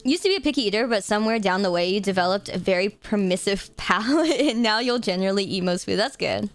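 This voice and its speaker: A woman's voice: mid-range voice, animated, quick pace. A young woman streamer chatting casually with her audience on a live stream, playful and jokey, swearing freely.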